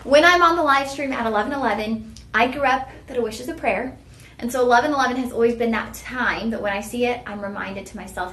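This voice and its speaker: A woman's voice: on the high side, fast, fairly bright tone, reverberant. A woman hosting a live shopping stream, chatty and heartfelt, talking straight to her viewers. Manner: chatty, heartfelt, folksy "y'all" address. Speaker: shopping channel host.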